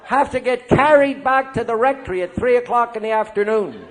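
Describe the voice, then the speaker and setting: Older male priest, AA talk, high voice, lively storyteller. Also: a little fast, few pauses. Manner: checks in with the crowd with "right?" and "eh?". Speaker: AA speaker and priest. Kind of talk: recovery meeting talk to an audience.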